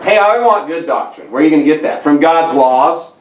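A man's voice: a little high, animated, a little fast, echoey room, far from the mic, noisy background. A man preaching a sermon as pastor, emphatic and repetitive, reading scripture aloud. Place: church sanctuary.

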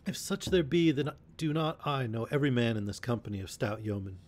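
A man's voice: mid-range voice, expressive, fairly quick, darkish tone, close to an everyday voice. A man voicing a big, loyal outlaw who speaks with hearty indignation in a storybook reading. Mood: indignant.

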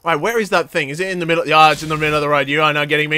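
A man doing let's play commentary, excitable, yelping and laughing at the action on screen. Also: on the high side, racing, smooth. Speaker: gaming commentator.

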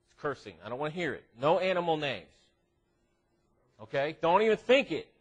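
A man leads a church youth devotional, joking and teasing the teens as he goes. His voice is a bit husky, and his pitch swoops widely from low mutters to high, excited exclamations. The sound is slightly distant, picked up in a room. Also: fairly quick, dull audio. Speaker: youth minister. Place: church classroom.

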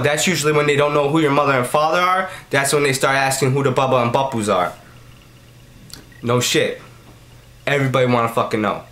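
A young adult man with a medium-pitched, somewhat bright voice speaks fairly quickly, hosting a comedy vlog. He rants to camera in a profane, meandering style, repeating his lines over and over.

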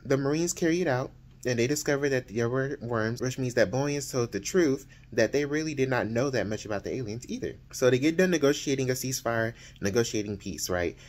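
A man talking through a novel's plot in a relaxed, conversational way. He keeps the retelling lively and drops into the characters' lines without changing his voice. His voice sits at an ordinary middle pitch. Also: a little fast. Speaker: book reviewer and author. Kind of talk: casual book recap.

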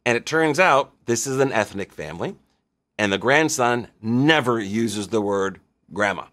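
A middle-aged man hosting an insurance show, telling a story in a lively, conversational way. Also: fairly low pitch. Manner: animated, conversational, acts out quotes. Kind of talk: storytelling monologue.

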